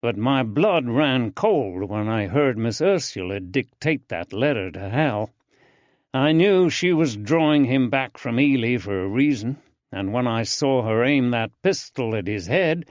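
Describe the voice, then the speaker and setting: A male narrator voicing an earnest, eager young man with a soft drawling accent in an audiobook. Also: mid-range voice, animated, a little slow, dry recording, muffled recording, lightly acted.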